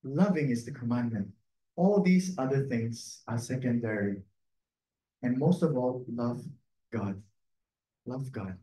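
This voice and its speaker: Priest preaching in an echoey room. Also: male voice, medium pitch, a little slow, pauses often, warm tone. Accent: Filipino English. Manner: conversational, laughing asides, tag questions. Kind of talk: sermon.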